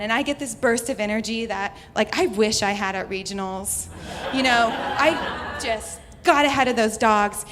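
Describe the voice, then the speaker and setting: Young American woman telling a story in a hall. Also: fairly high pitch. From United States (Houston). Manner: chatty, laughs often, heavy use of "like". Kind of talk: personal story told live to an audience. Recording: reverberant hall, faint noise.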